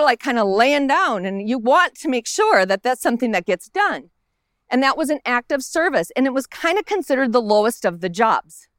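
A woman's voice: high-pitched, dry recording, clean studio sound. A woman pastor giving a conversational sermon outdoors in a park, acting out the lines of the characters in the story as she goes.

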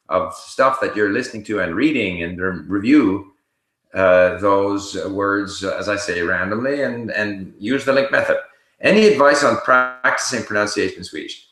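A man hosting a casual live Q&A, reading viewer questions aloud and answering them in a relaxed, explanatory way while he thinks aloud. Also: fairly low pitch, reverberant, poor audio.

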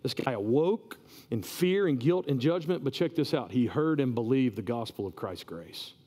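A male pastor giving a sermon in a conversational, animated way, often repeating words as he goes. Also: mid-range voice, moderate pace, husky. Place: church. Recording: reverberant church hall.

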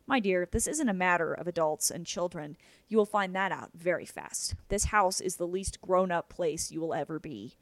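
A woman reading the part of a quirky, eccentric young Irish gentleman with an Irish accent, in a playful, theatrical manner. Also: sits high, lively intonation, moderate pace, no echo.

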